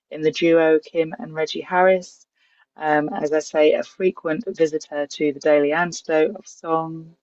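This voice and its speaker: A woman hosting an online singing session over a video call, greeting people one by one by name and place and leading a breathing warm-up. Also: low voice, dry recording. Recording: dull, dry video-call audio.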